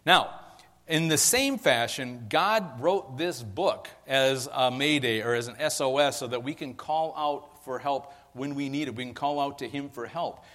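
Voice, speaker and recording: A man's voice: medium pitch, a little slow, a bit bright, long reverb tail. A man giving a sermon as pastor, in a conversational, casual way with ums and restarts. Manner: conversational preaching with fillers and restarts.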